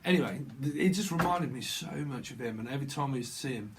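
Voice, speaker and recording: A man's voice: medium pitch, expressive, fast talker, background noise. A man with a British accent, a tarot reader vlogging in a rambling, free-associating way, repeating words over and over. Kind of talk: rambling channeled tarot vlog.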